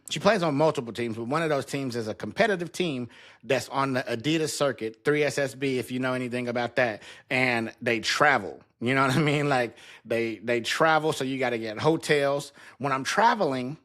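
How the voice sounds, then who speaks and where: A man's voice: mid-range voice, fairly bright tone. Profane man venting alone in a basement. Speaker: podcast host. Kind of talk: casual solo monologue. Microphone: talking to a camera.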